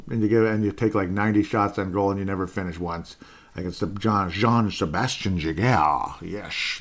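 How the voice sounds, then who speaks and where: Low-voiced man ranting on a sports podcast. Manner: rambling, repeats himself, excitable. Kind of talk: solo sports podcast rant.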